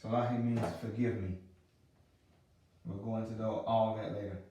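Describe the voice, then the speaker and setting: A man's voice: fairly low pitch, flat delivery, mellow, slight background noise. Male teacher, patient and repetitive, recorded far from the mic in a very echoey room. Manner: repeats pronunciations slowly and patiently. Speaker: religious language teacher. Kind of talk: teaching a lesson. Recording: roomy sound from a distant mic.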